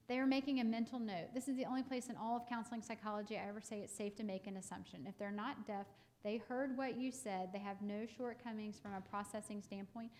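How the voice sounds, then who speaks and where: A woman, counseling parents in a casual live talk, chatty with many fillers and restarts. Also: fairly high pitch. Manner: acts out parents and kids in quoted lines.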